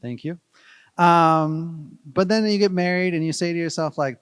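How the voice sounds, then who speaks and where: A man's voice: fairly high pitch, a little slow, clear, resonant tone, no room sound. A man giving a playful, rambling wedding speech at a reception, joking with the crowd. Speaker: wedding guest giving a toast.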